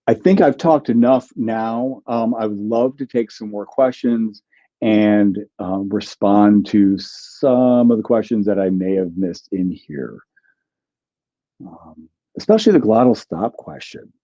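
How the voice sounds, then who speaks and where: A man speaks a little slowly in a fairly low, mellow voice over lo-fi audio. As a guest linguist author, he responds to livestream viewer questions thoughtfully, with frequent ums and restarts.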